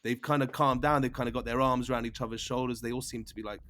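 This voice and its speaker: A man's voice: medium pitch, fairly even intonation, very fast, few pauses, fairly bright tone. A man narrating as game master, rambling with fillers and restarts. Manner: rambling, lots of fillers and restarts, laughs along.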